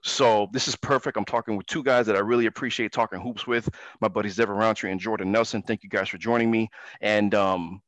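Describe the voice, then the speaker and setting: A man's voice: on the low side, steady tone, a little fast, fairly bright tone, no room sound, lo-fi sound. A man hosting a sports talk radio show, talking emphatically and ranting about basketball.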